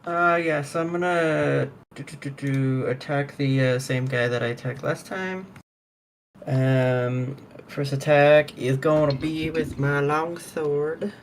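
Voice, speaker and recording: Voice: mid-range voice, fairly even intonation, slow, slight background noise. A tabletop game player talking in an easygoing, playful way. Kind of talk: casual tabletop play.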